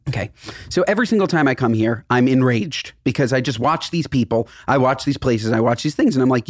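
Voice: medium pitch, animated, a little fast, no room sound, studio quality. A podcast co-host, here as a guest, ranting in casual chat with incredulous, profane outbursts.

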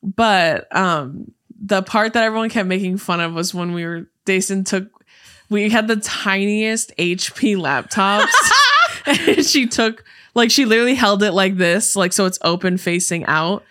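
A young woman co-hosts a podcast, chatting casually in a mid-range, fairly bright voice. She takes her time, using plenty of fillers and laughing often.

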